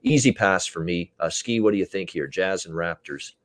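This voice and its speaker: A man's voice: deep voice, moderate pace. A man hosting a sports betting talk show, chatting loosely with many fillers.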